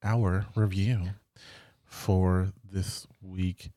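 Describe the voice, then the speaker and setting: A man's voice: low-pitched, little pitch movement, drawn-out words, mellow, no room sound, studio quality. A man co-hosting a podcast in casual chat, rambling and chatty, with the odd swear word. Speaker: podcast co-host.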